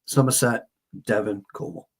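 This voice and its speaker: A man's voice: fairly low pitch, fairly even intonation, normal speed, vocal fry. A man co-hosting a casual livestream chat, chatty and repeating words for emphasis. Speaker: co-host.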